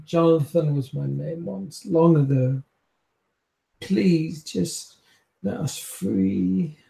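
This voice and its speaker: Man doing a caged young vampire, wheedling, stammering, gravelly, dark, echoey room. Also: on the high side, takes it slowly, pitched above the performer's own voice, exaggerated voice. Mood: pleading. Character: young male vampire prisoner, pleading and wheedling.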